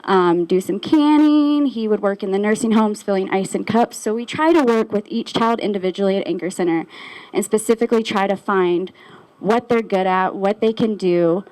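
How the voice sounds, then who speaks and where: A woman's voice: medium pitch, normal speed, darkish tone, poor audio. Earnest woman giving a short speech. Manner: earnest, plain, with frequent ums. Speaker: staff member sharing personal experience.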